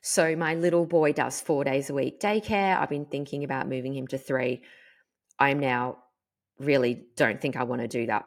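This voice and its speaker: Low-voiced woman telling it frankly. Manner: frank, animated storytelling with swearing and filler words. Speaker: podcast host. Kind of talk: candid personal monologue.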